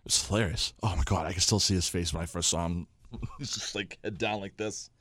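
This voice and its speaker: Young man, quick talker, bouncy voice, dry close sound, co-host telling stories. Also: low-pitched, dry recording. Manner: animated storyteller, acts out quotes. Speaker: podcast co-host. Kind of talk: casual sports chat.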